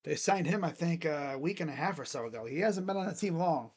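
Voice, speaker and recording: A man with a fairly high voice calls a game live for his stream, loud and excited on the plays. Between them he drops into a quiet, casual mumble, chatting loosely with his viewers. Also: fairly quick. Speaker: streamer doing live play-by-play. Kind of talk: casual live play-by-play commentary.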